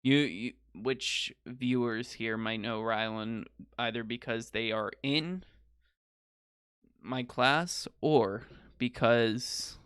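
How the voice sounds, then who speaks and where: A teenage boy hosting a podcast, chatting casually and rambling with quick laughs. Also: mid-range voice, a bit bright, clean tone, no echo, clean studio sound. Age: teens. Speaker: podcast host. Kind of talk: casual chat.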